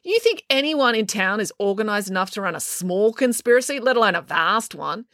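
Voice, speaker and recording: A wry teenage boy full of dry, mocking remarks, as a woman reading a storybook puts him on. The delivery bounces lively up and down. The sound is dry and close. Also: medium pitch, fairly quick, no room sound, pitched above the performer's own voice. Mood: sarcastic.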